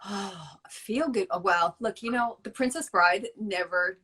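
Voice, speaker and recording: A woman in her forties, a guest on a chat show, telling animated stories and laughing often. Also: mid-range voice, measured pace, breathy edge. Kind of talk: casual chat.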